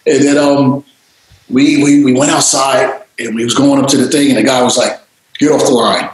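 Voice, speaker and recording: A man telling stories in a casual interview, animated and freely swearing, acting out voices. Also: medium pitch, moderate pace, very echoey, crowd noise, poor audio. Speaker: interview guest, DJ and producer.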